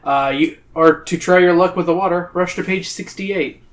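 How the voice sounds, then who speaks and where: A man's voice: high-pitched, moderate pace. A man hosting a podcast who reads a choose-your-path adventure book aloud to friends, with dramatic, playful emphasis. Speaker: podcast host reading a gamebook aloud. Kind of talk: reading a gamebook aloud on a comedy podcast.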